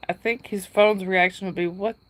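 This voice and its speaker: A woman's voice: mid-range voice, unhurried. A middle-aged woman hosts a live stream in a casual chat. She reads out viewer comments, thanks people by name, and laughs often.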